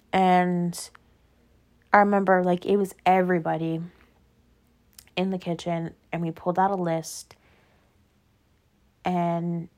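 A woman's voice: fairly low pitch, darkish tone. A young adult woman hosting her own show, chatting casually and rambling through stories with lots of "like" and tangents. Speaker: podcast host. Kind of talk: casual solo chat.

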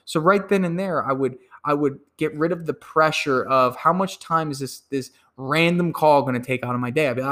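A man giving a sales training talk, emphatic and quick to act out phone calls, often repeating words as he goes. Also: a little high. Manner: repeats words when excited. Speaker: sales coach.

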